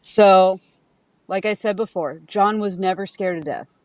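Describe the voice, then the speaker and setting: A woman with a medium-pitched voice and a measured pace is a guest on a podcast, chatting casually. She tells candid stories, acts out what people said, and swears freely, with no room sound in the recording.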